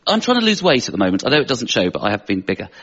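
A man's voice: mid-range voice, very fast, gravelly, crowd noise. A man with a posh English accent doing self-deprecating stand-up comedy on a panel show. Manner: self-deprecating, animated delivery. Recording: muffled stage recording with loud audience laughter.

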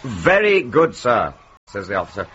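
Imagine a fussy, self-important male teacher whose pitch swings widely as he works through a long story. His voice sounds dull and lo-fi, with a faint hiss behind it. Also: big pitch swings, moderate pace, fairly bright tone. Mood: earnest. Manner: earnest, pompous, fussy joke-teller. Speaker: schoolteacher. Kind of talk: television comedy-drama acting.

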